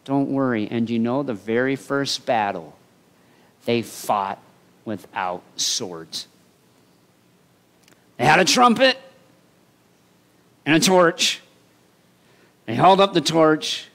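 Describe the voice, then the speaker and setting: A male pastor preaching a sermon in an animated storytelling way. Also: mid-range voice, slow pace, long pauses. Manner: animated storytelling, acting out voices.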